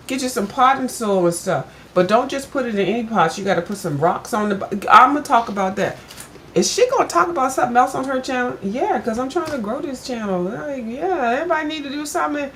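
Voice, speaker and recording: A woman's voice: a little high, slight background noise. An older woman, chatting casually to her viewers and telling a story with lots of asides. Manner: chatty, addresses viewers as "girl", animated when retelling. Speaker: vlogger.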